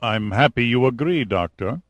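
A man voicing a pompous, cold military general in an audiobook, speaking in a measured, clipped way. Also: mid-range voice, expressive, no echo, lightly acted. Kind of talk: audiobook character reading.

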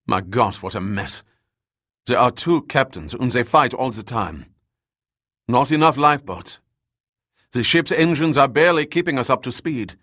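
A man's voice: medium pitch, a bit bright, no room sound, studio quality. A man reading the lines of a blunt, alarmed male passenger on a wartime ship. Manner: urgent, blunt.

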